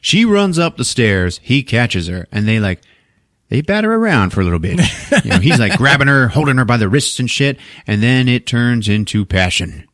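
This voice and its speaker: Crude, animated man recapping a movie. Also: mid-range voice, moderate pace, no echo, clean studio sound. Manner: crude, laughing, animated storyteller. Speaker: podcast host.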